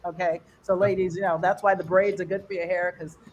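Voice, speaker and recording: An older American woman does stand-up for an online fundraiser, talking in a rambling, conversational way and jumping up high in pitch to mimic others' accents. Otherwise her pitch moves little, she talks a little fast, and the recording is muffled with slight background noise.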